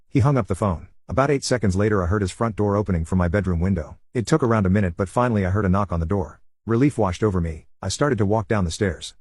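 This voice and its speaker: A man reads a scary tale at a quick, even pace. His voice sits low and has a husky edge. The sound is dry and close, with no room around it. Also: dry recording. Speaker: narrator. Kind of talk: scripted horror story narration.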